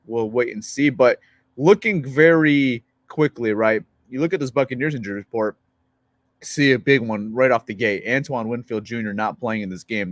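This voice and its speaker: An excitable American man co-hosting a football podcast, laughing often and reading off team lists. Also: mid-range voice, no room sound. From United States. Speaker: podcast co-host. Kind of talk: sports podcast chat.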